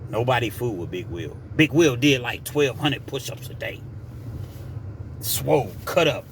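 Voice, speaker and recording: A man's voice: mid-range voice, expressive, normal speed, slight background noise. A man casually telling a story from his prison days in a conversational, digressive way.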